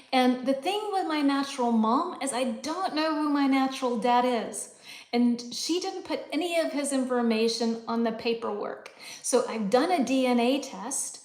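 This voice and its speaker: A woman hosts a casual live lesson, thinking aloud with plenty of fillers and easy laughs. Her voice sits a little high. The room around her sounds echoey. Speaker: English teacher hosting a live lesson. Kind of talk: casual live-stream chat reading viewer comments.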